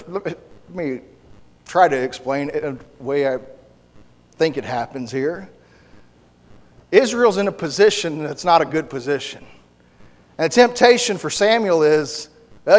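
Man, pastor, impassioned sermon, frequent restarts, high voice, long church reverb. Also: expressive, a little slow, pauses often.

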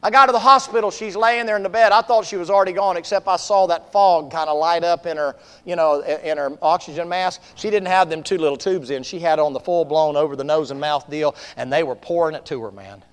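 Southern male preacher, fairly high voice, folksy joking storyteller, long hall echo. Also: a little fast, hardly any pauses, clear, resonant tone. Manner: folksy, humorous, swings from hushed to shouting. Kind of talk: storytelling sermon.

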